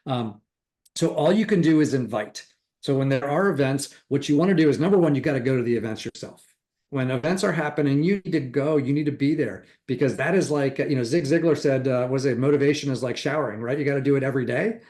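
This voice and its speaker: A man's voice: medium pitch, fast talker, a little mellow. A middle-aged man giving a motivational real estate training talk, enthusiastic and acting out quoted chatter.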